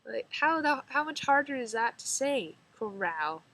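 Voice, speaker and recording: A woman's voice: high-pitched, moderate pace, fairly bright tone, poor audio. A teenage girl with a slight rural drawl, chatting casually to her camera in a rambling, giggly way, full of "like". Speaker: vlogger.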